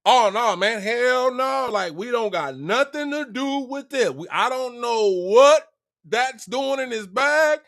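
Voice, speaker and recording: A man's voice: very high voice, animated, takes it slowly, fairly bright tone, no echo, studio quality, voice pushed up, exaggerated voice. A man voicing a group of flustered grown brothers in a casual retelling, slangy and protesting. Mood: shocked.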